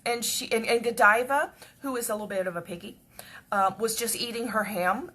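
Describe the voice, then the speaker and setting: A woman telling a personal story in a chatty, repetitive way that often drops to a hush. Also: a little high, a little fast. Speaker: devotional speaker.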